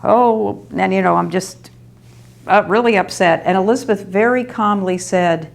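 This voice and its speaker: A woman's voice: mid-range voice, normal speed, creaky, slight background noise. A woman in her sixties or older who reminisces in rambling, anecdotal stories with small laughs. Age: 60s or older. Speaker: storyteller. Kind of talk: reminiscing oral history.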